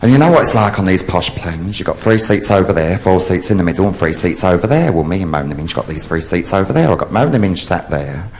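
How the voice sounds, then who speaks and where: A man in drag, telling bawdy stand-up jokes on a theatre stage with brash, lively delivery. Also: deep voice, fast, few pauses. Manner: brash, lively storytelling with sudden loud outbursts. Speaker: drag comedian. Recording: live theatre audience, faint hiss.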